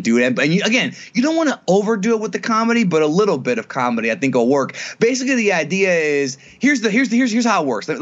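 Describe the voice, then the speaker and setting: A man co-hosting a casual wrestling podcast, animatedly pitching booking ideas with many restarts. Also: a bit bright, lo-fi sound. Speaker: podcast co-host.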